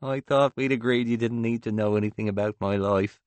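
A man's voice: medium pitch, steady tone, fairly quick, a little mellow, dry recording, close to an everyday voice. A man voicing a harried, blustering husband and father who talks brusquely and with mock-jovial exasperation. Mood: exasperated.

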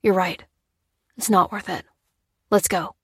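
A woman's voice: mid-range voice, fairly even intonation, measured pace, slightly rough, dry recording. A cautious young man in a storybook who talks tentatively, as a woman narrator puts him on, in a mid-range voice close to her own. The reading sounds dry and close. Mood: hesitant.

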